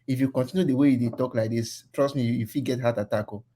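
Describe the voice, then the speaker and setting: A man's voice: mid-range voice, steady tone, fast, warm tone. A man with a Nigerian accent talking earnestly in a casual online political discussion, slipping into Pidgin phrases. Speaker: caller.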